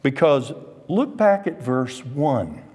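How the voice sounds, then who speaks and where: A man's voice: mid-range voice, sing-song, takes it slowly, a little mellow, husky, in a large hall. A man teaching an adult Sunday school Bible class, stressing key words by drawing them out. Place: church classroom or hall.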